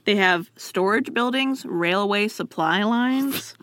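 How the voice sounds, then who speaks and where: A woman telling a history story to a friend in a casual, joking chat, quick to drop into silly voices. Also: medium pitch, fairly bright tone, dry recording.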